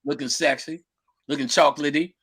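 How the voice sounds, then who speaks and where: A man lecturing on spirituality who drifts into animated, profane storytelling and acts out the people he quotes. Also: a little high, fairly quick, husky. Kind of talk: casual storytelling talk.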